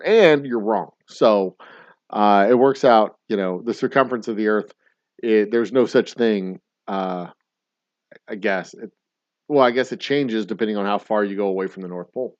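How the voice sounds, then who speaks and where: A man's voice: fairly low pitch, lively intonation, moderate pace, a little mellow, dry recording, dull audio. A middle-aged man hosting a casual trivia livestream, rambling and swearing in mock-grumpy rants. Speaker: trivia game host.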